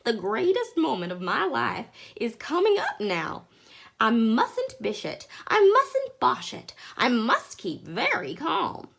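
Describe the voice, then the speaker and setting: A woman voicing a shy, eager elderly gentleman in love, talking nervously. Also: a little high, huge pitch swings, takes it slowly, vocal fry, pitched above the performer's own voice, exaggerated voice.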